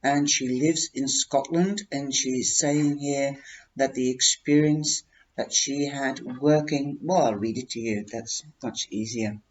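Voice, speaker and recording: A man reviewing a tarot deck in a heartfelt, casual way, talking emotionally and haltingly with many restarts. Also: medium pitch. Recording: dull lo-fi recording.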